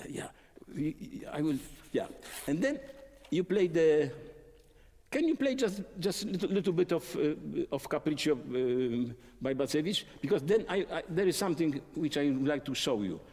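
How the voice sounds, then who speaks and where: A man teaching a violin masterclass, singing musical phrases in syllables and explaining tempo and dynamics in halting speech with many fillers. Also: a little high, lively intonation, darkish tone. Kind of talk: masterclass instruction. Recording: long hall reverb.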